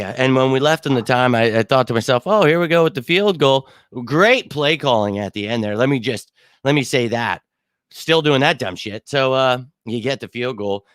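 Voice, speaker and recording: After a bad loss, a sports fan podcast host with a fairly bright mid-range voice rants at normal speed, still shaken and irate. His postgame reaction is angry and exasperated, full of stumbles and restarts, with no room sound.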